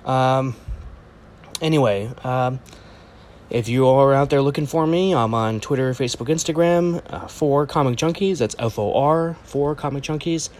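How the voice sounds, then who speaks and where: A man's voice: mid-range voice, moderate pace, slight background noise. A man hosting a comics channel, giving a casual, rambling reaction to a movie trailer with jokey asides and lots of ums. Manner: rambling and excitable, jokey asides, many fillers.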